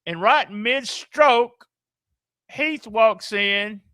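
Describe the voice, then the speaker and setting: A middle-aged podcast host from the American South rants with a Southern US accent, exasperated and incredulous, cursing freely in casual commentary. His voice sits high and sounds pushed and bright, extremely slow, with a clean tone and no echo.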